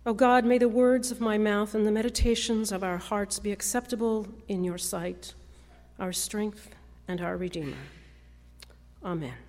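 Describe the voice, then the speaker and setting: A woman pastor delivering a sermon in a measured, storytelling way. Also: mid-range voice, a little mellow. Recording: long reverb of a large church hall.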